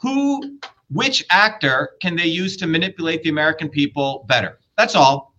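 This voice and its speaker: A man's voice: high-pitched, animated, moderate pace, pushed and bright. A man running for office, arguing bluntly and lecturing with profanity in a heated political debate. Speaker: political candidate.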